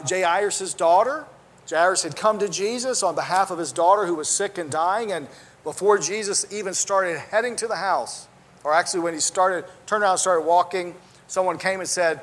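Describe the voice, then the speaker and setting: A man's voice: high voice, fairly bright tone. A man preaching a sermon, earnest and conversational, with restarts and asides, quoting scripture in old-style wording.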